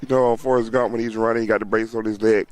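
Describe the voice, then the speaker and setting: A man giving casual, chatty play-by-play of a youth softball game outdoors, often laughing and talking to viewers and players. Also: lowish voice, level tone, rapid-fire, no room sound. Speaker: sideline livestream commentator.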